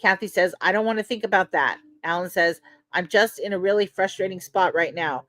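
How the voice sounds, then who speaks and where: A woman's voice: fairly low pitch, brisk, fairly bright tone, no echo. A woman hosting a podcast, casually recounting courtroom testimony in a conversational way, with lots of "you know" and "like.". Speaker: podcast host. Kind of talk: casual recap of trial testimony.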